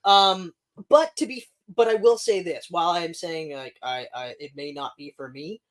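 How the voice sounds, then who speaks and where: A man's voice: on the high side, moderate pace, a bit bright. Rambling, swearing male podcast co-host. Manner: rambling, swearing, laughs at own jokes. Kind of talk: casual chat.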